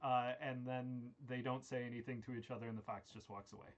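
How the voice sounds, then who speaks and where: A young man spins an improvised comic story over a video call, wandering through it with plenty of "uh"s and restarts. He keeps the silliness deadpan. His pitch sits in an ordinary middle range. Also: brisk, noisy background. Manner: rambling, with many "uh" fillers and restarts, deadpan silliness. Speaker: improv performer.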